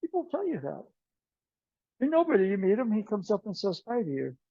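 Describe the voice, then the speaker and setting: A man teaching an aikido class in a relaxed, meandering way, telling stories and acting out the dialogue. The recording sounds dull and muffled. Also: high voice, brisk, vocal fry, husky, dry recording. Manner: meandering storyteller who acts out dialogue. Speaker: aikido instructor. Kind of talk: informal class talk with anecdotes. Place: martial arts class.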